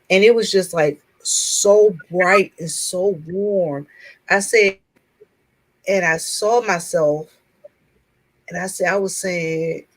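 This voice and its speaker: A woman in a casual group chat telling a personal story in an earnest, open way, pausing and restarting as she goes. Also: on the low side, poor audio. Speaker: chat room participant.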